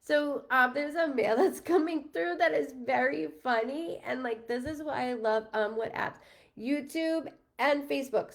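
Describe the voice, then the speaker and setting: A woman working as a psychic medium on a live stream, talking in a rambling, casual way that keeps breaking off and restarting, with frequent laughter. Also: a little high. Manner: rambling, self-interrupting, laughs often.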